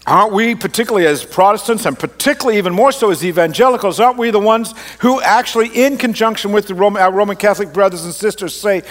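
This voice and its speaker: A man's voice: sits high, fast, hardly any pauses. A man with a mixed Australian and Canadian accent, preaching a conversational, self-deprecating sermon from a church stage into a microphone. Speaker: pastor. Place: large church auditorium on stage. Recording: long hall reverb.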